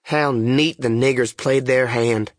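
A man voicing a sly male swindler called the duke, speaking in a slow, wry drawl in an audiobook reading. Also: medium pitch, fairly even intonation, dry recording, studio quality, close to an everyday voice. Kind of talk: audiobook character voice.

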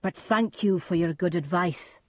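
A woman's voice: fairly low pitch, measured pace, no echo, studio quality. A woman voicing a tormented, haunted king who cries out frantically, in a storybook reading. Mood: commanding. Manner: frantic, crying out.

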